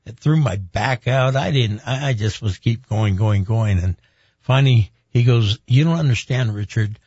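Unhurried and husky, with a lowish voice, a middle-aged pastor relates a personal story during an interview, bringing the other people in it to life by acting out their voices. The recording lacks echo and sounds dull, dry, and slightly muffled.

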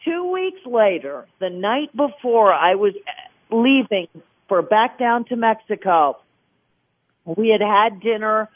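A woman's voice: medium pitch, expressive, slow. A woman guest on a radio talk show, telling a personal faith story with feeling and acting out the voices she quotes. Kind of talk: personal testimony in a radio interview. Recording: phone-line sound.

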